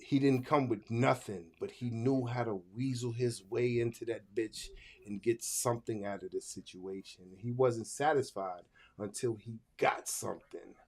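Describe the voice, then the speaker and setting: A man's voice: mid-range voice, moderate pace, a little mellow. A man co-hosting a casual podcast chat, emphatic, repeating phrases as he works out his point. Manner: emphatic, repeats himself while working out a point. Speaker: podcast co-host.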